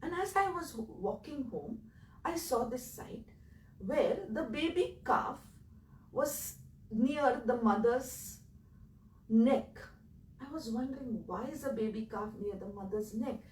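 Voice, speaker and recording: A woman with an Indian accent, telling her own story in an earnest, emotional way that swings between loud and quiet. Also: on the high side, lively intonation, slow, reverberant, recorded from a distance, slight background noise, low-quality recording. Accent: Indian English. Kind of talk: personal storytelling talk.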